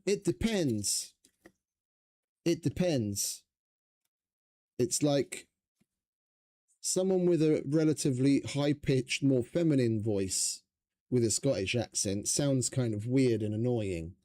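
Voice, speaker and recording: A man's voice: medium pitch, unhurried, dark tone, no echo, studio quality. A man streaming a survival game, chatting casually in a rambling, profane, stop-start way. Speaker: gaming streamer. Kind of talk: casual gameplay commentary.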